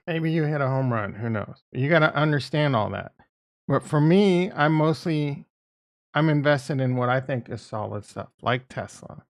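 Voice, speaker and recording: A man's voice: medium pitch, expressive, normal speed. A man giving casual market commentary as a video host, blunt and profane, repeating his points and getting exasperated. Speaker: crypto and stock market YouTuber.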